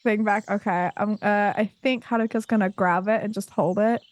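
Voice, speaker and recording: A woman playing a tabletop role-playing game, speaking quietly and hesitantly with many fillers. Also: medium pitch, steady tone, moderate pace, no echo, highs cut off. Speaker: player.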